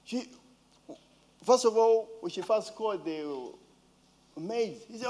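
Animated Ugandan man telling a story. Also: high voice, slow pace, long pauses. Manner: animated, rhetorical questions, mimics a child's voice. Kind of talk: casual storytelling.

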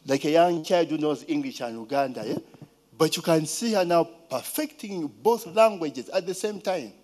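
Ugandan man, high voice, very lively pitch, casual storytelling, rhetorical questions. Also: moderate pace. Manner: animated, rhetorical questions, mimics a child's voice.

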